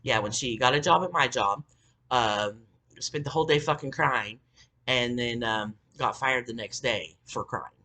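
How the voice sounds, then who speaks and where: A woman's voice: extremely low pitch, unhurried, pushed and bright. A woman telling a story in a casual, rambling rant, swearing often and filling her talk with ums and likes. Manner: profane, rambling, full of fillers. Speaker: vlogger.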